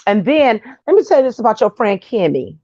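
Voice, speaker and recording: A woman's voice: on the high side, very animated, fairly quick, dark tone, dry recording, muffled recording. A woman giving blunt, sassy, trash-talking gossip commentary on a livestream.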